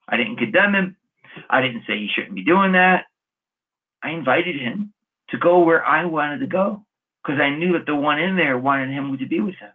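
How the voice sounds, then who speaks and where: A man's voice: a little high, expressive, moderate pace, slightly rough. A man, a Catholic monk, preaching a sermon on scripture and telling stories with folksy, chuckling asides. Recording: narrow phone-like radio sound.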